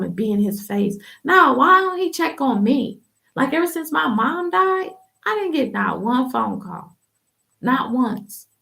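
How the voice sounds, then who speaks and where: A woman hosting a podcast, telling her personal testimony in an animated, candid way and acting out the voices of people she quotes. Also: mid-range voice, vocal fry. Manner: emphatic and candid. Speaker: podcast host. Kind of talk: personal testimony, casual talk.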